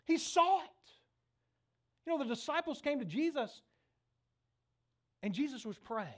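A middle-aged man preaching a sermon, telling stories with lively acted-out voices. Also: very high voice, measured pace. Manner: animated storytelling, acts out voices in the stories. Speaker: pastor.

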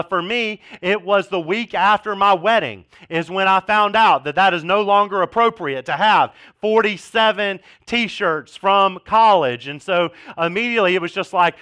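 A man's voice: high voice, normal speed, hardly any pauses, bright, forceful tone, clear, resonant tone. A man in his thirties preaching a casual sermon as pastor, telling jokey stories with sarcastic asides.

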